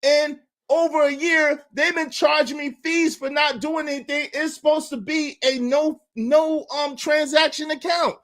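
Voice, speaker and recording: A man hosting a livestream show, telling a story as an animated rant, indignant and incredulous, repeating phrases and bursting into loud outbursts. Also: very high-pitched, a little slow, few pauses.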